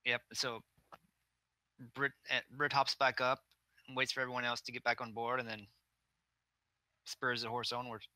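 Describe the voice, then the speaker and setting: A man's voice: mid-range voice, little pitch movement, moderate pace, long pauses, sharp tone, no echo. A man playing in an online tabletop game, casually talking through his character's actions. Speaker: player. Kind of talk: casual tabletop role-play.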